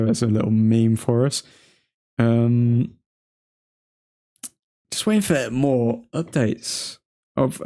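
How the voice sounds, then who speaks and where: A man's voice: medium pitch, mellow. Young male stream host, casual and chatty, reads updates aloud and hums between them. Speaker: livestream host reading transfer news. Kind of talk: casual live stream chat.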